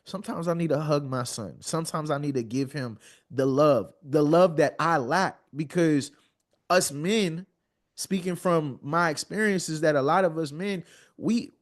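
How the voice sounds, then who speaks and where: A man in his thirties, a podcast guest, speaking earnestly and often repeating words as he builds a point. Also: fairly high pitch. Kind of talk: heartfelt conversational storytelling.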